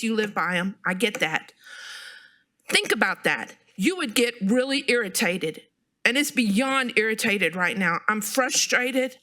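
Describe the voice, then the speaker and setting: A woman's voice: on the high side, pushed and bright. A woman giving a frustrated, emphatic public comment at a city council meeting. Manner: frustrated, emphatic, repeats herself.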